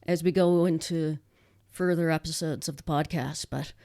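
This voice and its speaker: A Canadian woman with a Nova Scotian accent co-hosts a podcast from home, her mellow voice sitting low with fairly even intonation at a moderate pace. She's casual and chatty, laughs easily, and restarts her sentences often.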